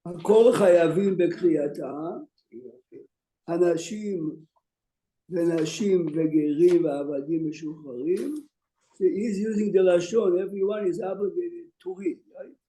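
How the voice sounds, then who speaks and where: A man, a rabbi, giving a Talmud study lecture to students. He reads texts out rapidly, then stops to explain them and urges his students to listen. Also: high voice, fairly even intonation, dark tone. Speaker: rabbi teaching a class. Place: classroom with students. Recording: roomy echo.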